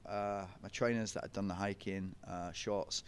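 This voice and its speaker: A man's voice: lowish voice, fairly even intonation, moderate pace, a little hiss or hum. A young man, telling running stories in a casual interview, chatty and laughing often. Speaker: podcast guest, ultra runner.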